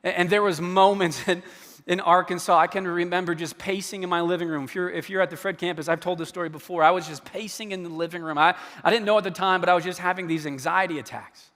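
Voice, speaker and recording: A man preaching with an animated delivery and a fairly high voice. He slips into acted-out dialogue and lifts his emphasis as he goes. His voice rings with a long reverb, as if in a large sanctuary. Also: quick pace. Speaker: pastor. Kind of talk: sermon. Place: church sanctuary.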